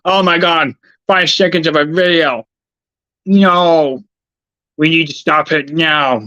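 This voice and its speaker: A man's voice: on the high side, steady tone, takes it slowly, bright, forceful tone, no room sound, dull audio. A man livestreaming, rambling casually and muttering to himself in an irritable, profane way. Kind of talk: rambling casual stream talk.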